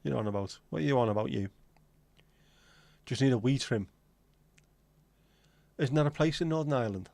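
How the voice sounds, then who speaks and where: A man hosts a relaxed live stream, answering viewer comments in friendly, teasing banter. His voice sits at an ordinary middle pitch, and the sound is close and dry with no room echo. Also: normal speed, vocal fry, pauses often. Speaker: livestream host. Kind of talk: casual chat reading out viewer comments.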